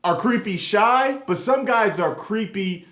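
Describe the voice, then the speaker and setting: Young adult man, casual profane vlog rant, lively swooping pitch, unhurried delivery, roomy echo. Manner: animated, swings between loud emphasis and low mumbled asides, profane. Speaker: YouTube vlogger. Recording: echoey room.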